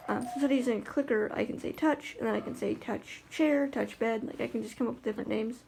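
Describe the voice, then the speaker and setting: A woman's voice: a little high, fast talker, creaky, background noise. A woman talking in a casual vlog about life with her guide dog, chatty and rambling with lots of fillers and restarts.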